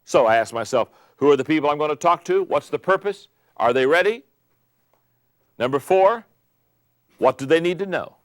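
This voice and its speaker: An older man giving an emphatic motivational talk on leadership, repeating key phrases and building to loud peaks. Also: a little high, expressive, moderate pace, long pauses, no room sound, clean studio sound. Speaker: speaker on leadership.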